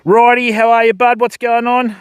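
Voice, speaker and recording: A man's voice: very high-pitched, little pitch movement, normal speed, smooth, dry recording. A Western Australian man hosting a fishing livestream outdoors, bantering and joking with his chat. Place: outdoors by a river shore.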